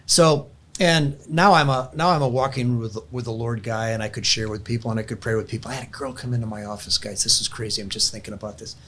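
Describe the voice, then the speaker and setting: An older man telling his faith story in a relaxed, conversational way, circling back and restarting his sentences as he goes. His voice sits at a mid pitch, and a faint hiss runs under the recording. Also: quick pace, hardly any pauses. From California. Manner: earnest storyteller, many restarts. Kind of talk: casual testimony chat.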